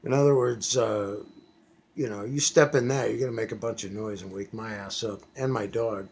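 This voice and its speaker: A man's voice: lowish voice, fairly even intonation, moderate pace, a little mellow, slightly rough. A man in his fifties ranting casually from a back bedroom at home, blunt and profane, with many fillers. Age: 50s. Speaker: vlogger.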